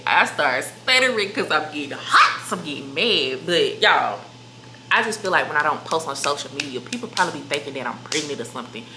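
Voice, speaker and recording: A young woman vlogger talks straight to her viewers in a loose, emphatic sit-down chat. Her voice is bright and sits a little low. She is recorded in an echoey room with a faint hiss. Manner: chatty, emphatic, addresses viewers as "y'all" and "baby". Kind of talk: casual sit-down chat to camera.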